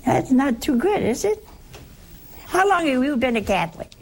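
A woman's voice: high-pitched, sing-song, moderate pace. A woman giving a conversational sermon as a Bible teacher, teasing her listeners with rhetorical questions.

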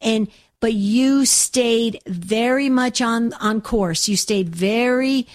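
A woman hosts a call-in radio show and talks in an effusive, gushing manner. She often repeats her words and piles up praise. Her voice sits a little high. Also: slow. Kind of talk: call-in talk radio hosting.

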